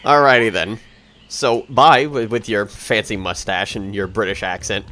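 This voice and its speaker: A man talks over his video game run in a loose, rambling way, full of dry sarcasm and mid-sentence self-corrections. His pitch swoops up and down a lot as he reacts. Game music plays faintly underneath. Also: expressive, measured pace, long pauses, sharp tone. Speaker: let's play commentator. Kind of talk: casual gameplay commentary.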